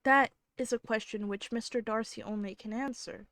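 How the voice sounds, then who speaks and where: A sensible young woman friend who speaks lightly and teasingly, read by a woman with a fairly high voice. The sound is dry and up close. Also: steady tone, normal speed, a bit bright, dry recording, lightly acted.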